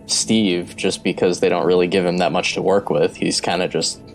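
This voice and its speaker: A man co-hosting a casual film podcast, relaxed and jokey, hedging his points with fillers. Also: deep voice, moderate pace, soft background music. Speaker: podcast co-host.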